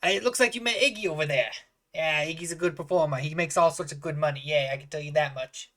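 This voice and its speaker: Picture a chatty older halfling barkeep at a tabletop game, talking a touch higher and louder than the player behind him, as the game master puts him on. He runs on in friendly patter and repeats his questions. The voice stays close to an everyday one, with no accent. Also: quick pace, close to an everyday voice. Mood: cheery. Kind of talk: improvised tabletop role-play voice.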